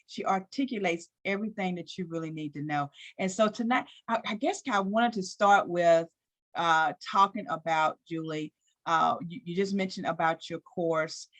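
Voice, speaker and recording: A woman's voice: lowish voice, a bit bright. A woman hosting a live online interview, talking unscripted and cheering her guest on with lots of affirmations. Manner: enthusiastic, unscripted, many affirmations. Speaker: host.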